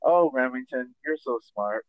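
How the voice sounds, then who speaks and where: A man's voice: mid-range voice, a little slow, no room sound, narrow, tinny audio. A man co-hosting a casual podcast chat, telling anecdotes with acted-out voices and free swearing. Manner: animated storyteller who acts out voices in anecdotes, swears freely. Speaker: podcast co-host, comedian.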